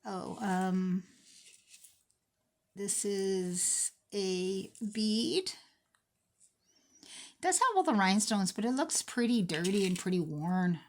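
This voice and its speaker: A gravelly-voiced woman in her forties talks slowly and casually to her viewers while untangling thrifted jewelry. She pokes fun at herself as she works. A faint hiss sits under the recording. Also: medium pitch, lively intonation. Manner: chatty, self-mocking, talks to herself while sorting. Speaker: thrift jewelry unboxing vlogger. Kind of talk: casual unboxing commentary.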